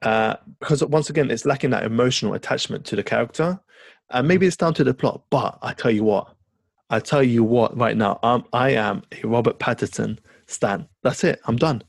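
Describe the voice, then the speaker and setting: A man's voice: medium pitch, moderate pace, gravelly, no room sound. A man co-hosting a podcast, chatting eagerly and rambling, swearing now and then. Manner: enthusiastic, rambling, swears casually. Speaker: podcast co-host. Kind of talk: casual chat.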